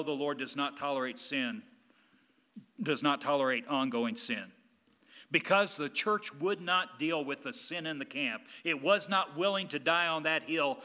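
A man preaching a sermon in a church, his voice bright and ringing as it carries down a long reverberant hall. He talks in a slightly high register and is impassioned, swinging from loud emphasis to hushed quiet.

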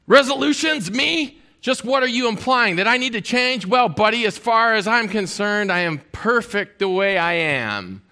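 A man's voice: high voice, expressive, normal speed, hardly any pauses, pushed and bright, voice pushed up, full character voice. A man putting on a smug, indignant cartoon guy. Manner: indignant, defensive.

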